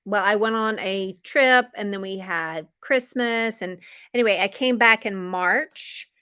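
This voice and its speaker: Friendly American woman teacher from the South, neutral accent, slow clear speech on a video call. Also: mid-range voice, bright, forceful tone. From Memphis, Tennessee, US. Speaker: English teacher. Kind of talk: casual live-stream lesson chat.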